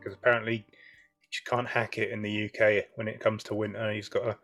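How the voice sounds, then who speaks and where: A man's voice: lowish voice, flat delivery, fairly quick, fairly bright tone, faint music behind. A young man hosting a gaming podcast in upbeat, joking casual chat. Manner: jokey, upbeat. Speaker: podcast host.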